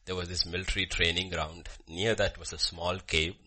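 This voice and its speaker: A man preaching a sermon with a personal story, swinging from loud emphasis to hushed murmurs. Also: low-pitched, flat delivery, moderate pace. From Bhutan.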